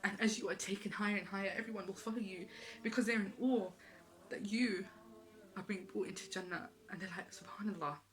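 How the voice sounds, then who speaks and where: A woman's voice: mid-range voice, brisk, rough recording. A woman giving an earnest, emotional religious talk, repeating phrases for emphasis. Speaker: Islamic speaker.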